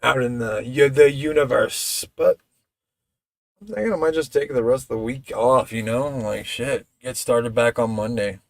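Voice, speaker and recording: A man's voice: medium pitch, moderate pace, no echo. A man chatting casually on a live stream, rambling and swearing freely, with a toddler at home. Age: adult father of a toddler. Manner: rambling, profane, loose.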